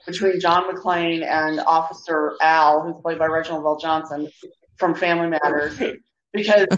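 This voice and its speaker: A woman's voice: sits low, moderate pace. A woman co-hosting a casual movie chat, telling trivia at length and acting out the quotes she tells. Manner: animated storyteller who acts out quotes. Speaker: podcast co-host. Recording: roomy, dull lo-fi sound.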